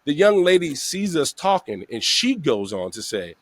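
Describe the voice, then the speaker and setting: A man's voice: fairly high pitch, normal speed. A man hosting a podcast, telling a long story with lots of acted-out quotes. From New York. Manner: animated storyteller, acts out quotes. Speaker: podcast host. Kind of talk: casual storytelling interview.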